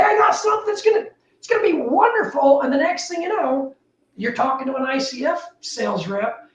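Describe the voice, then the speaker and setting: A building technology entrepreneur speaks as a guest in a casual interview, her high voice animated and emphatic, with pitch leaping up and down as she makes her points. She sounds roomy and set back from a distant mic.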